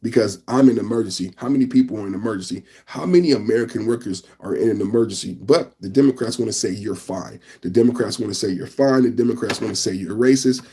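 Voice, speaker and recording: A man's voice: fairly low pitch, fast, hardly any pauses, mellow, breathy edge. A man hosting a live news reaction podcast, rambling and talking straight to his chat, repeating phrases and tacking on "man.". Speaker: podcast host.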